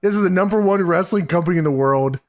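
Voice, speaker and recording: A man's voice: sits high, fast talker. A man co-hosting a podcast, recapping wrestling in casual chat, swearing, laughing and quoting wrestlers in put-on voices. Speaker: podcast co-host.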